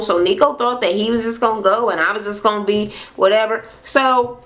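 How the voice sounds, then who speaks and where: A woman's voice: medium pitch, brisk, hardly any pauses, low-quality recording. A woman recapping a reality show in a casual, profane rant, acting out the cast's lines. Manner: animated, profane, acts out quotes.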